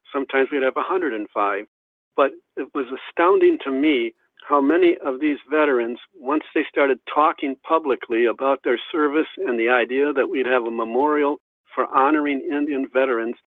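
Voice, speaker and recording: A man's voice: medium pitch, dry recording. A man, a guest historian, telling stories in an interview and acting out the voices of people he quotes. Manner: anecdotal, acts out quoted voices. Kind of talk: storytelling in an interview. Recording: dry tinny phone line.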